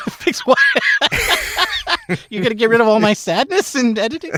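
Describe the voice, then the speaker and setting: A young adult man co-hosting a casual podcast chat, venting in a mock-dramatic way that swings from loud anger to quiet sadness. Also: very high-pitched, big pitch swings, measured pace, no room sound, clean studio sound. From United States. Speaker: podcast co-host.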